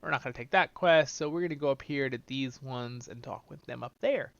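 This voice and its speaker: A man's voice: medium pitch, a little fast, vocal fry, a bit bright, no room sound, lo-fi sound. A man hosting a let's-play, chatting directly to his viewers. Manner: chatty, talks straight to viewers. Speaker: host. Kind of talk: let's-play game commentary.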